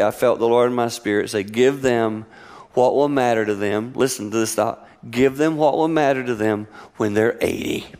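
A middle-aged man preaching a sermon, telling family stories with lively acted-out voices. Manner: animated storytelling, acting out voices with high-pitched exclamations. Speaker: pastor.

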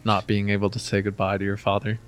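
A man's voice: lowish voice, monotone, quick pace, a bit bright, faint music behind. A man playing a tabletop game, speaking in a casual, sympathetic way. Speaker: player. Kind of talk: in-character tabletop play.

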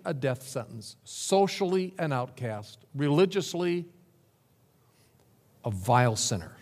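A man delivers a sermon with dramatic, emphatic preaching. His voice sits a bit high for a man, and it lifts and drops sharply on repeated words. A long hall reverb trails behind every phrase. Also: creaky. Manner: dramatic preaching with sweeping pitch and emphatic repetition. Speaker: pastor.

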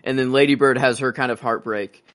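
A man's voice: mid-range voice, steady tone, brisk, a bit bright. A man co-hosting a casual movie-discussion podcast, rambling and acting out scenes in character voices. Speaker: podcast co-host.

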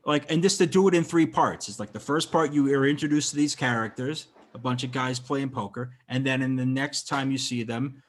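A man hosts a casual film podcast with a husky, slightly breathy voice. He talks loosely, swears freely and comes out in quick bursts with restarts. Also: medium pitch. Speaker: podcast host. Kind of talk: casual chat about a film.

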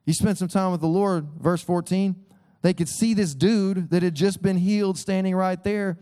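Man in his 30s, pastor, conversational sermon, a touch high, soft dark tone. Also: clean tone. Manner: earnest, conversational preaching with frequent "listen". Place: church sanctuary.

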